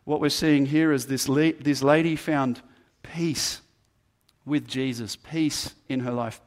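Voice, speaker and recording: A man delivers a sermon in a slightly higher-than-usual voice. He speaks earnestly and stacks repeated phrases to build emphasis. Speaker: pastor.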